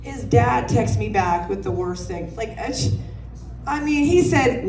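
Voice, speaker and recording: A woman's voice: fairly high pitch, lively intonation, a little slow, a little mellow, faint music behind. A woman in her thirties performing a brash, profane stand-up comedy set, telling stories about parenting with laughs. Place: comedy club stage. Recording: roomy sound from a distant mic.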